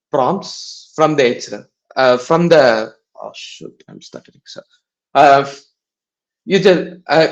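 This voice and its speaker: Halting man explaining over a muffled call. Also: mid-range voice. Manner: halting, filler-heavy explanation with restarts. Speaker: paper reading session presenter. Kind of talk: explaining a research paper in a live online session.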